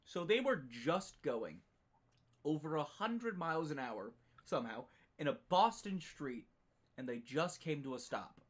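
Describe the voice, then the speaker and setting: A man's voice: on the high side, big pitch swings, measured pace. A man co-hosting a streamed book discussion, retelling the plot emphatically and swearing freely in casual chat. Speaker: book club podcast co-host.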